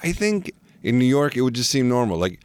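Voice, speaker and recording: A man's voice: medium pitch, sing-song, brisk, darkish tone, clean tone, no echo, studio quality. A man hosting a podcast, chatting casually and playfully, laughing often as he jokes around. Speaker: podcast host. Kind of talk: casual chat.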